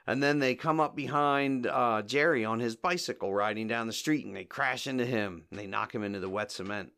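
A man's voice: mid-range voice, a little fast, pushed and bright. A man hosting a podcast, casually retelling a comedy short scene by scene, acting out the quoted lines and laughing often. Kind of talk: casual recap commentary.

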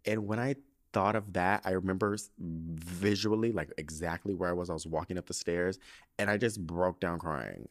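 This podcast host has a low voice and talks a little slowly. Alone at the mic, he rambles through a casual show, emotional and cursing freely like he's on a phone call.

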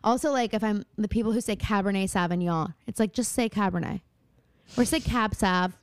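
A woman's voice: medium pitch, fairly quick, clean tone, no echo, studio quality. A young woman co-hosting a podcast in casual chat, rambling with lots of fillers and giggles. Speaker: podcast co-host.

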